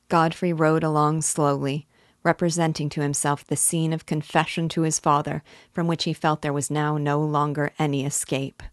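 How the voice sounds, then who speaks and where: Low-voiced woman reading a classic novel. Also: level tone, normal speed, no room sound, clean studio sound. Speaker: literature teacher.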